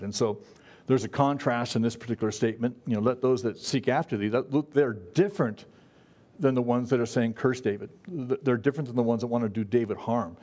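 A man giving a conversational sermon to his congregation. His delivery is folksy and halting, with frequent fillers, restarts and asides. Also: medium pitch, a little mellow. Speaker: pastor. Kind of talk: conversational Bible-study sermon.

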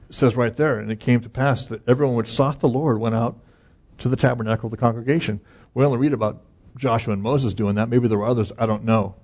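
A man's voice: medium pitch, fairly even intonation, fast talker, a little mellow, breathy edge, muffled recording. A man preaching an earnest, conversational sermon as pastor, chuckling now and then.

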